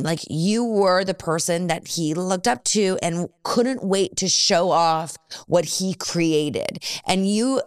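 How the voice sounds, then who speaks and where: A woman's voice: medium pitch, clean tone, no room sound, clean studio sound. A woman hosting a podcast interview, telling a story effusively, laughing often and swearing casually. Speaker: podcast host.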